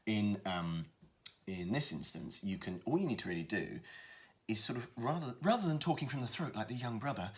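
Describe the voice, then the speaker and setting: A man with a very deep, low voice explains character voicing in an easygoing tutorial. He hesitates a lot and restarts his sentences as he thinks aloud. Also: animated, brisk. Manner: hesitant, lots of fillers and restarts. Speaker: voice actor. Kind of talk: casual tutorial talk.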